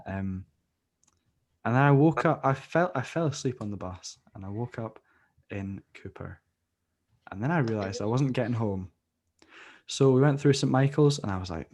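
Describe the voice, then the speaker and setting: A young Scottish man co-hosting a podcast, chatting casually as he rambles through a long story. He acts out each person he quotes in turn. His voice sits in a mid pitch. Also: expressive, moderate pace, pauses often, darkish tone. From Scotland. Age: young adult. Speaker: podcast co-host. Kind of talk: casual chat.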